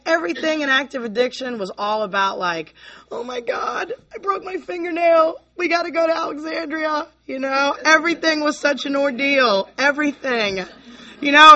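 A woman from Virginia, USA, speaks to a convention audience in a candid, rambling share about her recovery, sprinkled with "you know, like" and drifting between laughter and near tears. Her mid-range voice is bright with a forceful tone.

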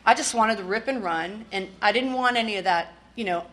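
A woman's voice: on the high side, fairly quick, a bit bright. A woman from the Washington, D.C. area sharing her recovery story in a candid, blunt way with wry humor and swearing. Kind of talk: personal testimony.

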